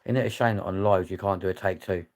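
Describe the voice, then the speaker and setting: A man's voice: low voice, steady tone, fast talker, dry recording. A young English man vlogging live while walking outdoors at night, chatty, self-mocking and swearing often, filming on his phone at arm's length. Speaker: vlogger hosting a live stream. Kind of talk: casual live-stream chat while walking. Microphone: phone camera at arm's length.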